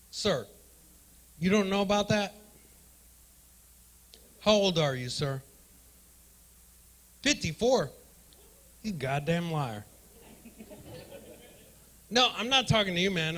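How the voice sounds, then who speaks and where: A man doing profane stand-up comedy in a club, riffing loudly with the crowd. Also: high-pitched. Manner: loud, profane, riffing with the audience. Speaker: stand-up comedian hosting the night.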